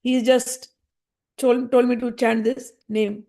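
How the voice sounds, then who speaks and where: High-voiced woman explaining devotional scripture. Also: flat delivery, gravelly, warm tone. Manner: chants verses slowly, then explains them plainly. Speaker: scripture reader and teacher.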